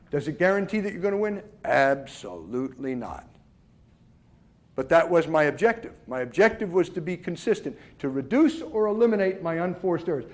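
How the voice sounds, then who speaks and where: A man with a high voice teaching the mental side of tennis. He talks emphatically, answers his own rhetorical questions and stumbles into repeated words as he restarts. He sounds middle-aged. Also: a little mellow. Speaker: tennis coach. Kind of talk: instructional talk on mental game.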